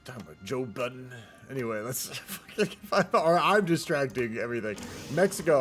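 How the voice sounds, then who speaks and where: A man's voice: mid-range voice, big pitch swings, normal speed, few pauses, a bit bright, soft background music. Laid-back man rambling over a strategy game. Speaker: streamer casting a multiplayer strategy game. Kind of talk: casual live game commentary.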